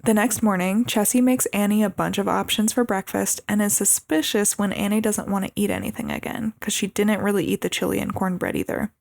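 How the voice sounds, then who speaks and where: A young woman in a mid-range voice with steady vocal fry, talking close to a dry mic. She recaps a movie in relaxed podcast chat, agreeing in quick short replies. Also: medium pitch, no echo. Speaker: podcast co-host.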